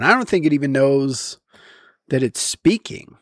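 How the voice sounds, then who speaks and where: A man's voice: medium pitch, expressive, unhurried, no room sound. Guy rambling to camera, tons of ums, laughs a bit, dry room. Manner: rambling, lots of ums and restarts; chuckles often while talking. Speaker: vlogger. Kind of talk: casual talk to camera.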